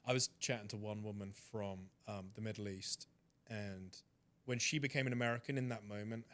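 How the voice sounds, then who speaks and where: A man with an English accent, a guest telling stories in a casual chat. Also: on the low side. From Britain. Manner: animated storyteller. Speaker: interview guest.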